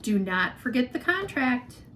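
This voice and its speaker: A woman reading aloud, voicing a nagging mother who shouts up the stairs. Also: a little high, very animated, measured pace, distant mic, a little hiss or hum, voice pushed up, full character voice. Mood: shouting. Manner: shouting from below. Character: nagging divorced mother, a writer.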